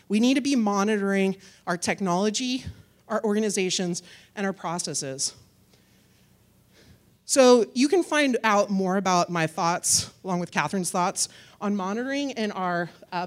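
A woman giving a conference talk and answering audience questions in a chatty, upbeat way, often using "like". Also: medium pitch. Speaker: conference speaker.

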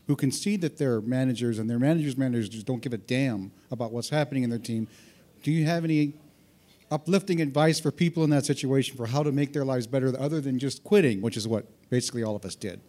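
A man's voice: mid-range voice, warm tone. A man in the audience asking an earnest, slightly hesitant question after a talk. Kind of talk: question from the floor.

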